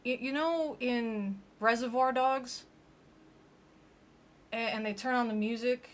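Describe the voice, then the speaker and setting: A woman's voice: fairly high pitch, measured pace, a bit bright. A young woman streaming, giving sarcastic, joking commentary on a video and mocking the voices of the people in it. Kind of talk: casual reaction commentary.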